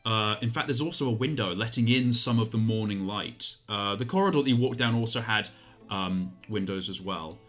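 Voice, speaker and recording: A man narrating a tabletop game as game master, in a relaxed, descriptive way with many fillers. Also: lowish voice, moderate pace, faint music behind.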